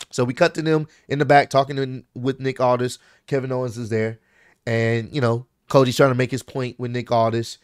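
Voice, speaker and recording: Male wrestling vlogger, casual and animated, clear smooth voice, dry close mic. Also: mid-range voice, a little fast, dry recording. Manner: animated, acts out wrestler quotes. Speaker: wrestling commentary youtuber. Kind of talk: casual recap vlog.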